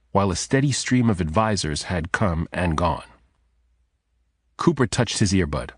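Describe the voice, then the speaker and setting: A man narrating a thriller audiobook in a measured, steady storytelling manner. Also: low-pitched, no echo, studio quality. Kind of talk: scripted narration.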